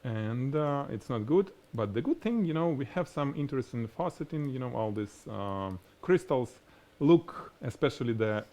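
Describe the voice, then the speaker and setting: A man with a heavy Russian accent teaches lighting on a live show. His pitch sits right in the middle for a man. He talks in a lively, hands-on way and works through a demonstration as he goes. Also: normal speed, few pauses. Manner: animated, explains by demonstrating, laughs at himself. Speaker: photography instructor. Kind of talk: live-stream photography lesson.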